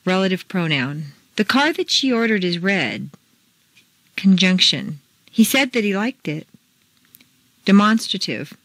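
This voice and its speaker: A woman teaching pronunciation, reading scripted drills slowly and deliberately, with exaggerated intonation. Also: mid-range voice, sing-song, fairly bright tone, no echo. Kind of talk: scripted accent-training lesson.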